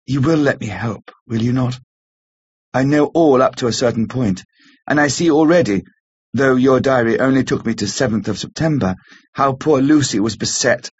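A man voicing an earnest young woman who pleads gravely, read gently in a husky voice. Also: medium pitch, natural voice. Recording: slightly muffled lo-fi recording.

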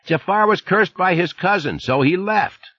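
Guy voicing a sleepy coughing factory manager, gravelly and raised up high, lively, kinda husky. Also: moderate pace, no room sound, highs cut off, full character voice. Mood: weary puzzled. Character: groggy middle-aged male factory manager abroad.

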